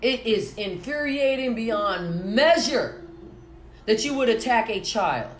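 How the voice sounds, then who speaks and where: A woman's voice: a little high, animated, takes it slowly. A woman musician delivering an angry, profane, cutting rant straight to her audience. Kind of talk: angry direct-to-camera rant. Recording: roomy echo with faint music.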